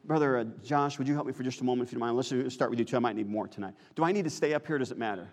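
A man's voice: mid-range voice, rapid-fire, big-room sound. An American man, a pastor, preaching a sermon and asking the congregation questions. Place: church sanctuary.

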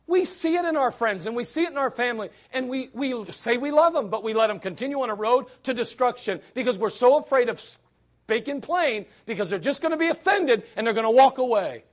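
A man's voice: very high voice, lively intonation, moderate pace. A man preaching a sermon in a blunt, emphatic way, full of rhetorical questions.

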